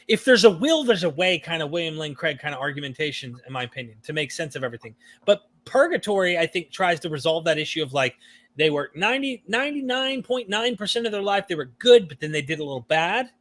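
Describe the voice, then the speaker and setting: A man hosting a podcast, talking through ideas in a casual, thoughtful way, often hedging and then getting animated. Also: on the high side. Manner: thoughtful, hedging, animated when quoting views. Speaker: podcast host. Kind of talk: casual discussion.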